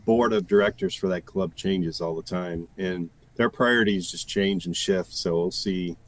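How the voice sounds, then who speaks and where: A man's voice: sits low, moderate pace. A male game designer answering interview questions briefly and casually, often holding back details. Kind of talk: casual live-stream interview.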